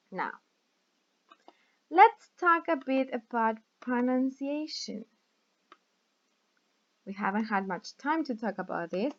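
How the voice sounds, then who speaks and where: A woman's voice: a little high, dull audio. A woman teaching English as a recorded online lesson, speaking English, patient and often checking in with the class. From Latin America. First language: Spanish. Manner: slow, patient, checks in with "right?" and "okay?".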